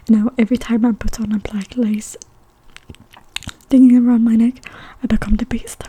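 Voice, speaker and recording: A woman's voice: fairly high pitch, flat delivery, moderate pace, mellow, breathy edge. Whispering young woman from Sweden, stuffy nose. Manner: chatty whispered storytelling between bites. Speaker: mukbang ASMR creator. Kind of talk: whispered role-play.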